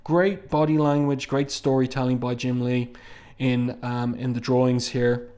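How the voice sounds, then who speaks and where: A man giving a measured, panel-by-panel review of a comic book, pausing often with "um". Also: medium pitch, little pitch movement, darkish tone. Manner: measured, thoughtful, frequent "um" fillers.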